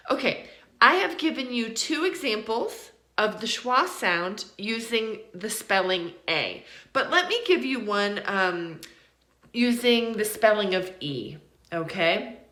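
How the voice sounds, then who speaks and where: A woman teaching English pronunciation in an online lesson, encouraging and repeating words slowly to model them. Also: mid-range voice, bright, forceful tone, roomy sound.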